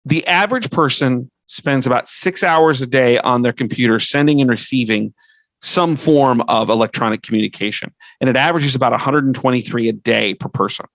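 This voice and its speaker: A man's voice: mid-range voice, fairly quick, a bit bright, dry recording, poor audio. A middle-aged man hosting a podcast, giving earnest advice in a conversational way, listing his points and often restarting a sentence. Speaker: podcast host and fundraising consultant.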